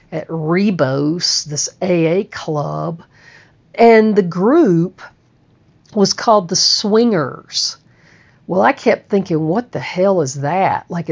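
A woman telling a personal recovery story in a slow, halting way, often repeating words. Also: on the low side, darkish tone. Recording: muffled lo-fi recording.

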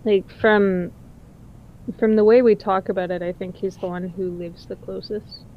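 A woman's voice: mid-range voice, steady tone, normal speed, slight background noise. Woman describing her character at a game table, chatty, sorta muffled mic. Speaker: player.

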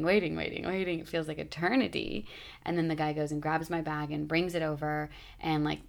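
A woman's voice: low voice, creaky. A woman in her thirties telling a travel story in a chatty, rambling way, full of "like" and "you know.". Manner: rambling, chatty, lots of "like" fillers. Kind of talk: casual storytelling vlog.

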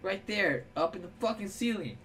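A young man hosting a casual gaming video, swearing and laughing as he tells stories and yells instructions at a friend. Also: high-pitched, expressive, normal speed. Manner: profane, laughing, swings from storytelling to yelling at his partner.

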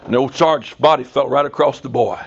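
A man preaching a sermon in a prison, telling a story in a folksy, animated way. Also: medium pitch, fast, gravelly, breathy edge, lo-fi sound. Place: prison chapel.

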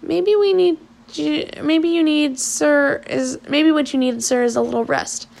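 A woman's voice: high voice, steady tone, unhurried, gravelly, darkish tone, voice pushed up. A woman voicing a big simple-hearted man, folksy and deferential. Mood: soothing. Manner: folksy, deferential, plain-spoken.

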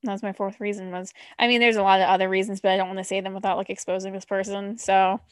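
Woman podcast co-host, mid pitch, dry close recording, blunt and profane. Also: level tone, clear, resonant tone, no echo. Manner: blunt, swearing, quick reactions. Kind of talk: casual chat.

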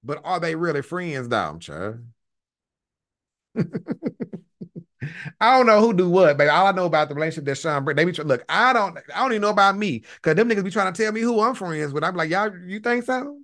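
A man hosting a livestream, chatting in an animated, profane way and laughing often. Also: fairly high pitch, a little fast, long pauses. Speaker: livestream host. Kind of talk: casual commentary chat.

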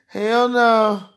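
Podcast host on a solo rant, slow drawl, cussing and cackling a lot. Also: mid-range voice, fairly bright tone. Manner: profane, mocking, laughing often.

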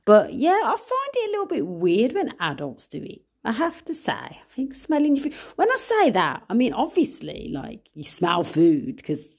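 A woman's voice: on the high side, huge pitch swings, normal speed, few pauses, darkish tone, breathy edge. A young woman hosting a podcast in a casual, chatty way, with playful asides and frequent laughs. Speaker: podcast host. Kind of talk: casual solo podcast chat.

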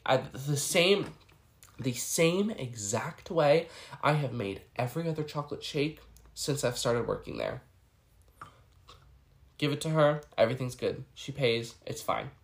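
A man with a stuffy, cold-clogged voice, telling a work story in a chatty, exasperated vlog ramble. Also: medium pitch. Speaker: vlogger. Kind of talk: casual storytelling chat. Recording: echoey room.

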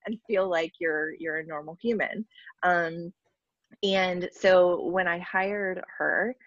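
A woman's voice: lowish voice, fairly even intonation, slow pace, no echo, dull audio. A woman business coach talking earnestly in an interview, tired after little sleep, with many ums and likes. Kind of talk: casual interview conversation.

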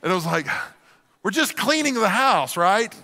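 A middle-aged man preaching a sermon to a church, telling humorous, animated stories with acted-out asides. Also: sits high, normal speed, in a large hall. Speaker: pastor.

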